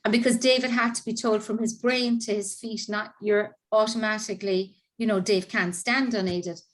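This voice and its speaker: A woman's voice: medium pitch, steady tone, normal speed. Earnest Irish woman telling her story. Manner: earnest, emotional, acts out quoted dialogue. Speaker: interview guest, parent carer. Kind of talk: personal storytelling in conversation.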